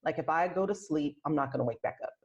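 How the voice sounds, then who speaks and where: A woman talking as a podcast guest in casual interview chat, soft and reflective, often restarting her sentences. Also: low-pitched, fast talker. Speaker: podcast guest, aromatherapist and health coach. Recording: lo-fi muffled sound.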